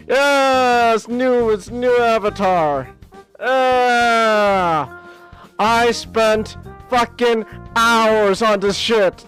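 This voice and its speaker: A man hosting a live stream, chatting casually in an excitable way, swearing freely and laughing a lot. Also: very high voice, extremely slow, faint music behind. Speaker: streamer host.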